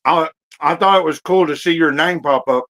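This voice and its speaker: A man with a slightly high voice hosts a laid-back livestream from home. He rambles, restarts his thoughts and fills pauses with "uh" and "like", talking into a computer mic. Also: a bit bright, poor audio. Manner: rambling, halting, many fillers and restarts; talks while eating, occasional coughs. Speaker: livestream host. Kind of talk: casual livestream chat.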